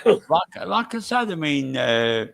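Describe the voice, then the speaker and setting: A man's voice: on the high side, big pitch swings, takes it slowly, creaky. A man with a Stoke-on-Trent accent mixed with Irish touches, a guest chatting casually on a live stream, blunt and swearing freely. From England.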